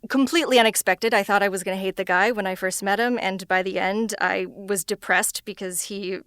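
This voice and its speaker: Recorded dry with studio quality, a woman talks briskly in a smooth, slightly bright voice with fairly even intonation. She's a voice actor in a casual interview, calls her voice higher-pitched, and laughs often as she talks freely.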